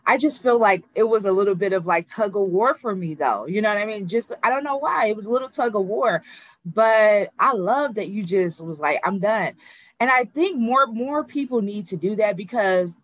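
Relaxed woman host, dry sound. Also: medium pitch, normal speed, no echo, poor audio. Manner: affirming, relaxed, asks rambling questions. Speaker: podcast host, interviewer. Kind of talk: casual conversational interview.

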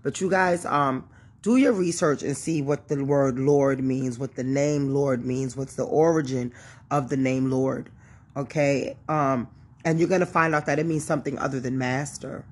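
A woman's voice: rumbling low, fairly even intonation, moderate pace, darkish tone, husky. A woman reading a Bible chapter aloud and teaching, with chatty, informal asides and many fillers. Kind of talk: casual scripture reading and teaching.

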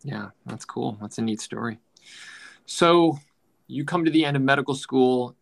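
A male podcast host interviewing a guest. He speaks in a gravelly, creaky voice, asking calm questions with short affirmations. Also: medium pitch, moderate pace.

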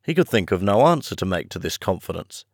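A man narrating a classic story as an audiobook podcast host, measured and friendly. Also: low-pitched, very animated, breathy edge, no room sound, clean studio sound.

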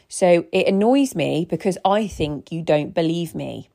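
A woman in her thirties hosts a casual solo podcast, rambling and chatty as she tells stories and often restarts her sentences. Her voice sits on the low side, creaky and dark in tone, at a normal speed.

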